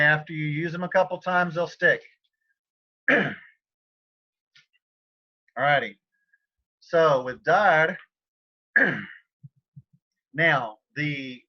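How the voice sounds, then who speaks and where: A man with a fairly high voice teaches a live online language class in a loose, chatty way. He keeps stopping to clear his throat. The sound is dull and lo-fi, like computer audio from a video call. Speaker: Spanish teacher.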